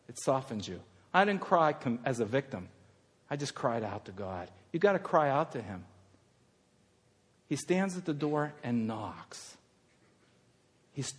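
A male pastor preaching a sermon, swinging from loud fervent passages to hushed, intimate ones. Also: a little high, big-room sound.

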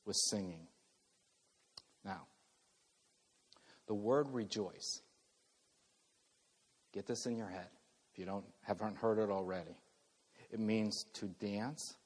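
A middle-aged male pastor preaching a sermon earnestly, moving between loud emphasis and soft, hushed passages. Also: on the low side, in a large hall.

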